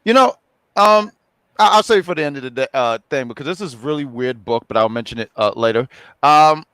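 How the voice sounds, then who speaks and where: A man's voice: medium pitch, animated, fairly quick, pushed and bright, clear, resonant tone, no echo. A man co-hosting a casual online chat, rambling with many fillers and restarts. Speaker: co-host.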